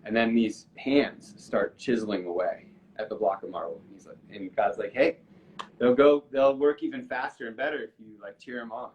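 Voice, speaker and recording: A man's voice: lowish voice, normal speed, a little mellow, slight background noise, poor audio. A man chatting on a live stream, telling a story earnestly and emotionally, with many restarts. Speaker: musician guest on a live stream. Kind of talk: casual storytelling chat.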